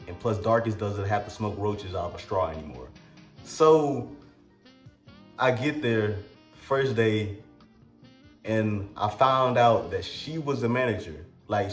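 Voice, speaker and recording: A man telling a comic personal story in a casual, crude, slangy way with halting restarts. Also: lowish voice, echoey room.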